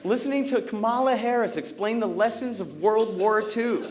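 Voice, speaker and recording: This stand-up comic speaks at a normal speed with few pauses, his voice sitting high over a slight hiss or hum. Performing for a live audience, he spins sardonic stories and plays each character himself.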